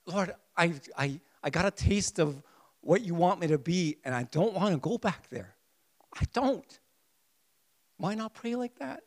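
A man preaching a sermon with passion, acting out prayers and swinging between hushed pleading and loud emphasis. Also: high-pitched. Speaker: pastor.

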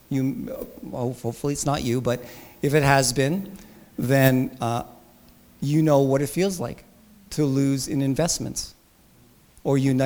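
A male pastor preaching a sermon with emphasis, rising to loud, high bursts and dropping to soft asides.

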